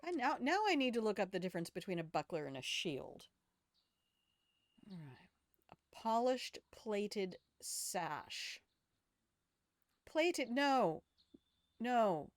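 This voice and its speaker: A woman's voice: mid-range voice, big pitch swings, slow pace, pauses often, no echo, clean studio sound. An older woman streaming a video game, chatting casually, thinking aloud and swearing freely. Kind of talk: casual gaming commentary.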